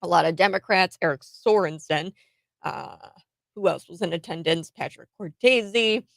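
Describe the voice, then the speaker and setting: A woman hosting a talk radio show, giving opinionated commentary in a chatty way, laughing often and filling pauses with many "uh"s and restarts. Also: fairly low pitch, vocal fry, no room sound.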